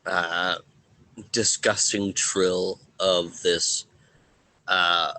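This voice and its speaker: A man narrating a tabletop game as game master, in a halting way that pauses often. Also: low voice, flat delivery, sharp tone, no echo, rough recording.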